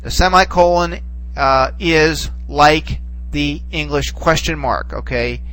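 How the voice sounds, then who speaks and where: A man teaching a recorded lesson, relaxed and reassuring, who stops and restarts often and checks in with "okay.". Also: a little high, rough recording. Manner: halting, full of restarts and "okay"s. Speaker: Greek teacher. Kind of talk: recorded classroom lecture.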